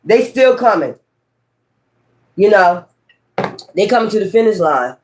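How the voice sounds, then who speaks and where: A woman tarot reader talks straight to her viewers in a loose, casual chat. She is blunt and profane, repeats her points for emphasis, and her voice sits at a middle pitch. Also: sing-song, measured pace, a little mellow, a little hiss or hum.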